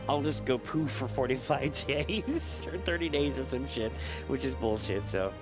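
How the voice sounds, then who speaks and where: A man's voice: mid-range voice, lively intonation, normal speed, lo-fi sound, over music. Stuffy-nosed male streamer chatting loosely. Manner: rambling, swears freely, laughs often. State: stuffy nose. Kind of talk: casual livestream chat.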